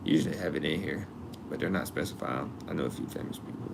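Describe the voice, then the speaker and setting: Over a very noisy recording, a man in his twenties talks fast in an extremely low, creaky voice. Hosting a casual live stream, he chats and jokes with chat readers, reading comments and looking up college costs.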